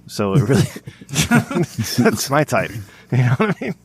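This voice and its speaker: A man's voice: medium pitch, big pitch swings, a little slow, husky. A man hosting a podcast, telling a long, rambling, profane story with lots of restarts. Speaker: podcast host. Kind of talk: casual profane podcast chat.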